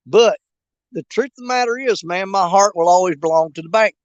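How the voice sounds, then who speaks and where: Man, high-pitched, casual joking livestream host by the riverbank, dry close sound. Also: fairly quick, no room sound, dull audio. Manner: folksy, joking, rambling with fillers. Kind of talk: casual live chat while bank fishing. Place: outdoors on a riverbank at dusk.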